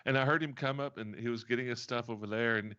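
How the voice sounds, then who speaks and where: A man hosting a podcast and narrating as game master, rambling and relaxed and laughing often, in dull lo-fi audio. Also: mid-range voice, quick pace, clear, resonant tone. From Tennessee. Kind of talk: casual chat and game narration.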